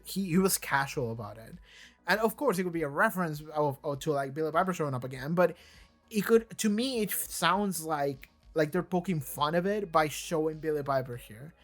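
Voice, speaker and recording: A reaction channel host talking casually from a chair, rambling with stammered restarts and frequent swearing. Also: mid-range voice. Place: seated in a chair.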